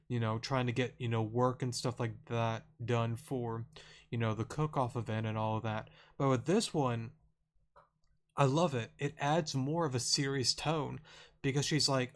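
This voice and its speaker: A man's voice: medium pitch, measured pace. A man casually commenting on a video game playthrough, rambling with lots of fillers and restarts. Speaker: gaming channel host. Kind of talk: casual let's play commentary.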